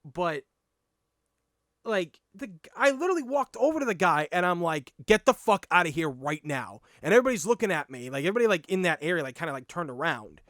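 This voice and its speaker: Animated Boston man, dry close mic. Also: high-pitched, fast, dry recording. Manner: animated, blunt, swears freely. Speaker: podcast host. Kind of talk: casual storytelling monologue.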